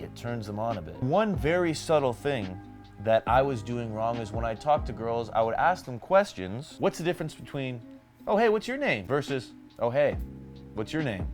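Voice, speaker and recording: Young man, dating advice vlog, emphatic coaching tone, faint music underneath. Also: mid-range voice. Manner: coaching, emphatic, addresses viewers directly as guys. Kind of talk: direct-to-camera advice vlog.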